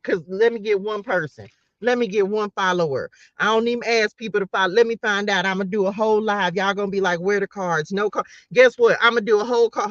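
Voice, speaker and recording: A woman's voice: medium pitch, no echo, lo-fi sound. A woman tarot reader giving a casual motivational talk to her viewers, playful and slangy, laughing often.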